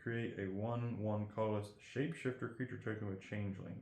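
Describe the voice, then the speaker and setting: Man, lowish voice, casual rambling card-opening commentary, reads card text aloud, roomy echo. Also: steady tone, brisk, creaky, a little mellow. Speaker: card collector host.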